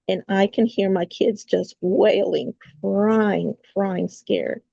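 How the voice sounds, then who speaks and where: A woman guest on a podcast, telling a personal story in a halting way, with many restarts and fillers. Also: medium pitch, creaky, mellow, breathy edge, no room sound, muffled recording.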